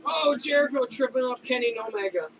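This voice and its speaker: A man with a New York accent co-hosting a casual wrestling podcast, tossing off excitable, laughing remarks. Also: very high-pitched, fairly quick. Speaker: podcast co-host. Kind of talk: casual chat watching wrestling. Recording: distant mic with clear background noise.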